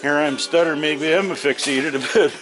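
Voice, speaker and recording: A man's voice: on the high side, a little fast, music in the background, rough recording. A man with a Canadian Ontario accent talking viewers through chores and cooking in his garage and frosty yard on a rural farm, in a folksy, chatty way. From Northern Ontario, Canada. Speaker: homesteading vlogger. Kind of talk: casual narration while working.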